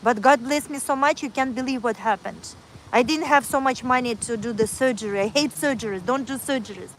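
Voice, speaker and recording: A woman pours out her story in earnest, halting, English, circling back and repeating herself. Her voice sits a little high. Faint traffic hums behind her phone mic outdoors. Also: rough recording. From Kazakhstan. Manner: earnest, repetitive, in broken non-native English. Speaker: livestreamer. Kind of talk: emotional personal storytelling on a livestream.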